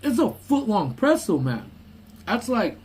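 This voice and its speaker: A man hosting a casual live chat on his lunch break, telling stories with big swings from low mutters to high exclamations. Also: sing-song, a little slow, darkish tone, slightly rough, poor audio. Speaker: live stream host. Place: parked car on a lunch break.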